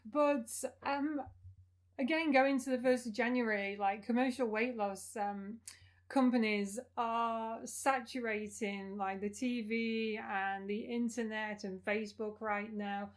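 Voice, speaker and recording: Chatty woman with a slightly high voice. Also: steady tone. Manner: chatty, many "like" fillers, quick asides. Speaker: podcast co-host, fitness coach. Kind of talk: casual chat.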